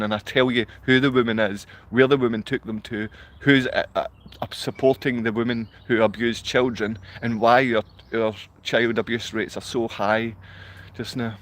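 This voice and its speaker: A middle-aged man with a Glaswegian accent, hosting a rambling, emotional livestream monologue and often laughing. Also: mid-range voice. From Scotland. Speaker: livestream host. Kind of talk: rambling live-stream monologue.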